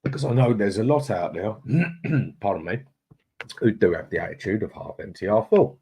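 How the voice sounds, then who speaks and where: Deep-voiced man, live-stream host, matey and chatty, greets viewers by name. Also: expressive, moderate pace, dark tone, a little hiss or hum. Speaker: livestream host. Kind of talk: casual live chat, reading out viewer comments.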